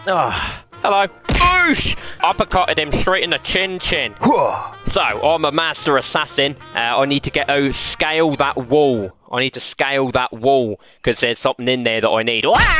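A man's voice: on the high side, pushed and bright. A man giving mischievous, playful commentary on a VR game while he plays, laughing often. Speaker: game streamer.

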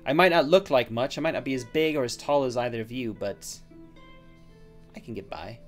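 Udo the halfling is a small, jumpy adventurer in a tabletop fantasy game. He pleads eagerly one moment and puffs himself up with boasts the next, as the man running the game puts him on. His voice sits in an ordinary middle pitch with faint guitar under it. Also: brisk, close to an everyday voice. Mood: boastful.

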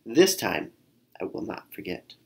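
A man voicing a forgetful female tiger who growls and shrieks with excitement in a storybook reading. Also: deep voice, a little slow, gravelly, heavily acted. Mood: overjoyed.

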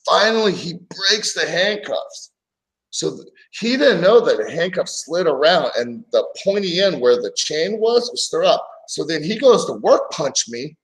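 A man's voice: on the high side, measured pace, rough recording. A man co-hosting a casual wrestling talk show, telling a story from his wrestling days and acting out the voices in it. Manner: animated storyteller, acts out quoted voices. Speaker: podcast co-host, former wrestler.

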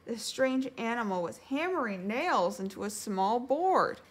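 A woman narrating a children's storybook in a gentle, measured way. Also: fairly high pitch, lively intonation, breathy edge. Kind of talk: storybook read-aloud.

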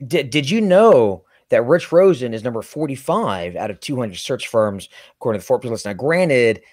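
A man's voice: mid-range voice, sing-song, moderate pace, darkish tone, no room sound, studio quality. A man co-hosting a casual talk show, bantering sarcastically. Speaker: co-host. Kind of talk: casual chat.

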